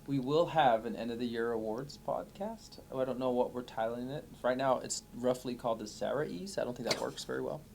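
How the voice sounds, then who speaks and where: A man's voice: mid-range voice, a little fast, gravelly, few pauses, darkish tone, slight background noise. A man co-hosting a podcast in casual chat, emphatic and playful when he argues. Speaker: podcast co-host.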